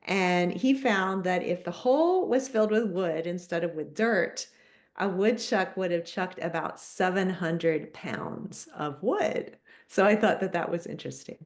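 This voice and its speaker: A woman's voice: lowish voice, measured pace. A middle-aged woman, a children's book author and former teacher, answering interview questions in a chatty, storytelling way. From United States.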